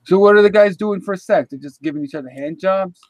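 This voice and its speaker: A man's voice: high voice, a little fast, no echo. A man in casual live chat, rambling and acting out both sides of an argument.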